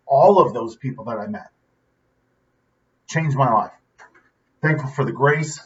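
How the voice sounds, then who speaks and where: A man's voice: mid-range voice, a bit bright. A man hosting a vlog, talking earnestly and in a rambling, casual way, often tagging his sentences with "right?". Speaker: vlog host. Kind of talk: casual motivational talk. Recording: dull audio from a distance.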